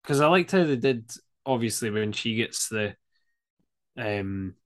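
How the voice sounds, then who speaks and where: A man's voice: mid-range voice, animated, a little slow, a bit bright. A man chatting casually about a horror film on a podcast, rambling and laughing often. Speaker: podcast co-host.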